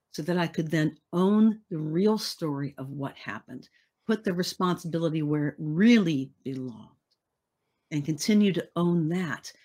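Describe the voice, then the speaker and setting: A woman guest on a podcast telling a personal story in an earnest, reflective way and repeating phrases for emphasis. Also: fairly low pitch.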